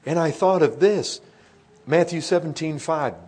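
A middle-aged man preaching a sermon in an earnest way, his voice swelling loud and then dropping to a hush. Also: on the high side, a little slow, breathy edge.

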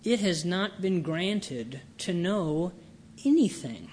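Slow, deliberate male preacher. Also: sits high, sing-song, a little mellow, a little hiss or hum. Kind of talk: sermon.

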